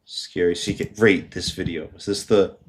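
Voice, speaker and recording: A man's voice: low voice, fairly even intonation, a little slow, slight background noise. A man co-hosting a podcast in casual chat, rambling with lots of fillers, swearing and laughing often. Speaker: podcast co-host.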